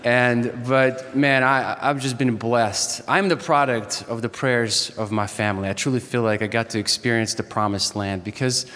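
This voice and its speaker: A man in his thirties with a Southern US accent gives a chapel sermon at a university. He grew up in Ukraine and talks in a joking, storytelling way at a middle pitch. His voice rings with the long reverb of a large hall. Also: moderate pace, hardly any pauses, a bit bright. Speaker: chapel speaker. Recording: echoey hall.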